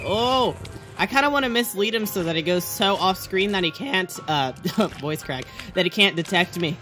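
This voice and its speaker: An excitable young man narrates his gameplay, bursting into yelps and frustrated screams, then grumbling at himself in self-mocking rants. Background music plays steadily behind his voice. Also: high voice. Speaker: let's play gamer. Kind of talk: gameplay commentary.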